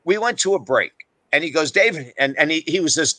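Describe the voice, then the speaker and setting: A middle-aged man speaks with a bright, forceful tone, recorded close and dry with no room sound. He is a podcast guest, blunt and emphatic, who pokes fun at himself as he tells his stories. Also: on the high side, animated, brisk, no room sound, rough recording. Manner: emphatic, blunt, self-deprecating. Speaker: guest author. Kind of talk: animated podcast storytelling.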